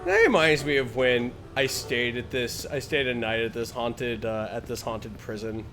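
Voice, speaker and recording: A man's voice: mid-range voice, moderate pace, a bit bright, soft background music. A man streaming a game, telling a long story in a rambling, casual way and laughing at his own jokes. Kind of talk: casual storytelling while gaming. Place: home streaming setup.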